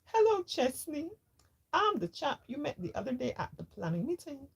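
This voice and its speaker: A woman voicing a flustered father who puts on a bright, cheery phone voice and snaps at his son. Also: sits high, sing-song, slow, voice pushed up, full character voice. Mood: forced cheer.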